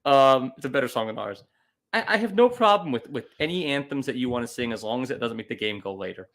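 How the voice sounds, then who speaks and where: A man's voice: mid-range voice, animated, fast, fairly bright tone. A man co-hosting a casual comedy podcast with wry, offhand jokes. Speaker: podcast co-host.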